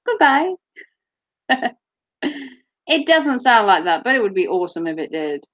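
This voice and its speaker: Slow-talking giggly woman. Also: on the high side, very animated, a bit bright, highs cut off. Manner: giggly, chatty, teasing. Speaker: vlogger. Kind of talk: casual chat to camera.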